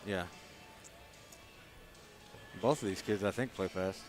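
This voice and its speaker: A man giving casual live commentary on a pool match, talking through shots in a relaxed, conversational way. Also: sits low, slow, faint music behind.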